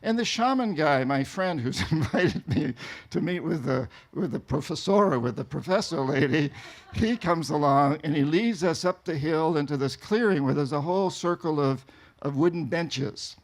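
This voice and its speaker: A man from New England tells a vivid travel story to an audience, his voice sitting a little high. He laughs often and acts out the big moments as he talks. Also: lively intonation, moderate pace. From New England, USA. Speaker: speaker telling a story to an audience. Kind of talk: storytelling talk.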